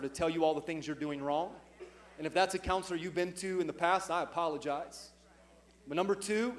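A middle-aged man preaching a sermon as pastor to his congregation, swelling loud and emphatic on his key points. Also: high-pitched. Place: church sanctuary with congregation.

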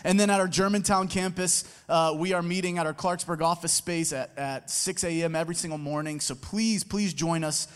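A man's voice: fairly high pitch, brisk, few pauses, smooth. A man, a campus pastor, rallies a church crowd with friendly welcomes and announcements, tired after little sleep. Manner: energetic, crowd-rallying, friendly with fillers. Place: large auditorium. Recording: long hall reverb.

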